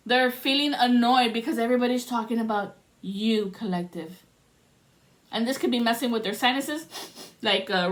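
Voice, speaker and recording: A woman speaking as a spiritual reader in a passionate, profane rant to her viewers. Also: a little high. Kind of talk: emotional monologue to camera.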